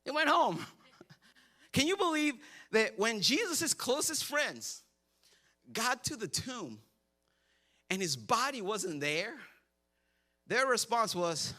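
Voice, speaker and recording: A man's voice: very high-pitched, big pitch swings, slow, long pauses, pushed and bright. A man in his thirties preaching a sermon as a pastor, telling the story with jokes and frequent laughter. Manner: joking storyteller, acts out quotes; laughs often while preaching.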